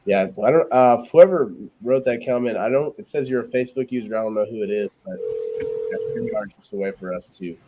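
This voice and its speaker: A man's voice: medium pitch, fairly quick, warm tone, slight background noise, low-quality recording. A man casually coaching his sales team on a live stream, loose and full of fillers, acting out both sides of seller calls. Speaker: acquisitions lead manager coaching a live feed.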